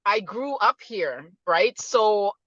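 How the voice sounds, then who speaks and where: A woman's voice: mid-range voice, expressive, slow pace, fairly bright tone, dull audio. A middle-aged woman from Jamaica with a Canadian accent, chatting casually on a video call and rambling with lots of fillers. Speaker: guest speaker.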